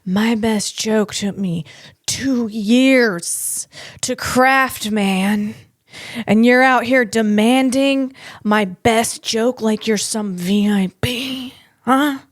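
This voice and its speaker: A woman comedian hosting her podcast, telling stories in a casual comedic monologue with animated, acted-out quotes. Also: fairly high pitch, drawn-out words, dry recording, studio quality.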